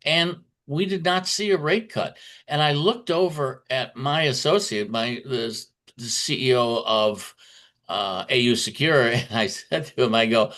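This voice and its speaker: A man's voice: medium pitch, unhurried, a bit bright. A man giving a conference talk on markets, telling stories in a chatty way with frequent fillers and restarts. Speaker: market commentator.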